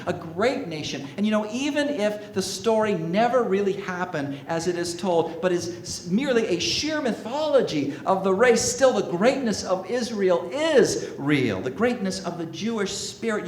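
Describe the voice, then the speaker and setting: A man preaching a sermon to a congregation, slow and emphatic, asking the listeners rhetorical questions. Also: sits high, roomy sound, a little hiss or hum. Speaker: minister. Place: sanctuary with congregation.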